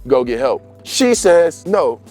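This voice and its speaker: A man's voice: a little high, very animated, slow pace, darkish tone, soft background music. A young man telling a story in casual, slangy chat and laughing as he goes.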